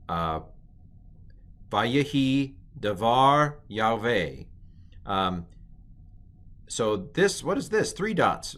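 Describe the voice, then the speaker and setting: A man with a fairly low voice teaches an informal recorded lesson. He rambles a little, corrects himself often and fills the pauses with ums. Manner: relaxed, rambling, self-correcting, many ums. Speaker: Hebrew teacher.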